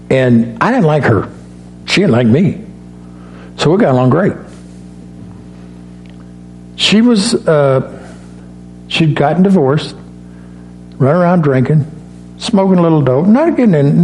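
A man's voice: a little high, a little mellow. Folksy male preacher telling stories. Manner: folksy, storytelling with quoted dialogue. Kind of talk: sermon with personal stories.

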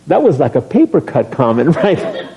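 A middle-aged man preaches from the pulpit with a warm, relaxed tone, teasing his congregation and asking them questions as he goes. His voice sits a little high for a man. The recording is dull and lo-fi. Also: creaky. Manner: lively, joking with the congregation, asks questions. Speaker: pastor. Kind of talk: sermon.

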